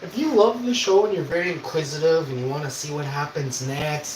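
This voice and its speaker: Young man, rambling casual storytelling, slightly high voice, echoey room, faint hiss. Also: fairly quick, hardly any pauses. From Canada. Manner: rambling, swears, acts out quoted voices. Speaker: streamer.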